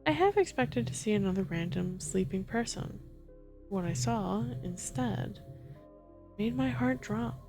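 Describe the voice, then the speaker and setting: A woman narrating a first-person horror story in a soft, steady ASMR reading. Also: medium pitch, a little slow, faint music behind.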